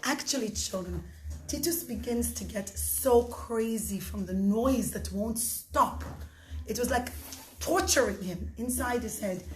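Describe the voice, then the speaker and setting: A high-pitched woman narrating a story for children, expressive and lively, stopping often to talk to the kids. Her voice rings in an echoey room with a faint noise behind. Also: a little slow. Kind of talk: animated storytelling.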